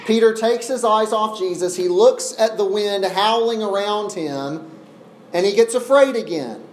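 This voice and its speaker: A man preaching an expository sermon, earnest, slowing down and pausing to press each point. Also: high voice. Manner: earnest, with deliberate slow pauses for emphasis. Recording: echoey room with faint ambient noise.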